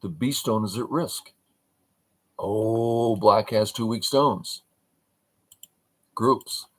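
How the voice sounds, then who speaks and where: A man's voice: fairly low pitch, very slow, low-quality recording. An older man teaching a game review on a livestream, talking in short broken phrases and asking and answering his own questions.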